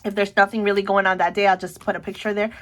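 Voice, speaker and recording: A middle-aged woman chatting casually about her planner, excitable, often breaking off to say look. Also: medium pitch, fast. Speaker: planner vlogger. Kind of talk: casual show-and-tell chat.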